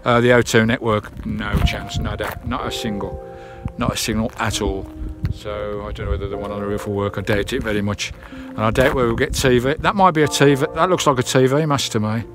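A man's voice: on the low side, fairly even intonation, brisk, music in the background. A British man vlogging casually from inside his camper van, chatting and swearing lightly. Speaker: vanlife vlogger. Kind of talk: casual vlog chat.

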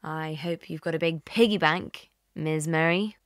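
Woman doing a smarmy boss, slow and patronizing. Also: deep voice, fairly even intonation, dry recording, clean studio sound. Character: man, smug and needling workplace boss.

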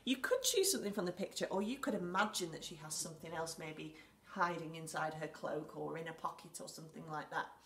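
Woman, English accent, primary teacher, encouraging, lowish voice, roomy echo. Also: fairly quick, few pauses, fairly bright tone, far from the mic, a little hiss or hum. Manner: clear, patient and encouraging, reads story lines aloud with emphasis. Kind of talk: recorded lesson for young children. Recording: echoey room, speaker away from the mic.

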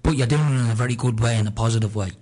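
A man's voice: mid-range voice, slightly rough. An Irish man in his thirties, co-hosting a radio show, chatting casually and joking. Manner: fast, animated, joking.

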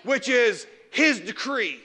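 A middle-aged male pastor preaching to his church with a very high, bright, forceful voice. He swings between loud, animated stretches and quiet asides, mocking the whining of complainers. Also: slow. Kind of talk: sermon. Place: church sanctuary.

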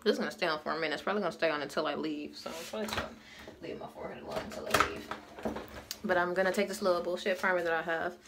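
A woman's voice: fairly low pitch, fairly even intonation, racing, hardly any pauses, background noise. A woman chatting casually through a get-ready-with-me vlog, candid and laughing often, swearing freely, recorded at home on a phone. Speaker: beauty vlogger. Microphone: phone camera.

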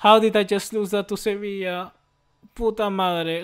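A young man, commentating his own video game as he plays. He is excitable, swears often and yells at the game. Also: high-pitched, moderate pace, clean tone. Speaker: gaming YouTuber.

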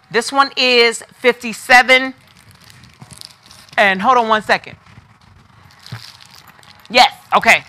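A woman's voice: sits high, sharp tone. A woman hosting a live online sale. She talks in a chatty, familiar way, calls viewers by name and repeats prices eagerly. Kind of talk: live shopping sales pitch.

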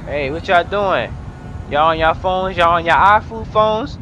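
A young man casually commenting on his own gameplay, rambling and profane, breaking into excited shouts. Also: high voice, unhurried, highs cut off, background noise. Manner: rambling, profane, bursts into excited yelling and laughter. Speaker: gamer narrating his gameplay. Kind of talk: casual let's-play commentary. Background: game music and sounds.

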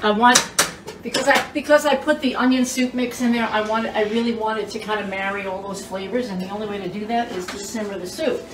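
A woman's voice: mid-range voice, fairly even intonation, a little fast. A woman hosting a home cooking show, chatty and exclaiming as she cooks in her kitchen. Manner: chatty and exclamatory, squeals when food turns out well. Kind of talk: casual cooking demonstration. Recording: roomy, distant mic, background hiss.

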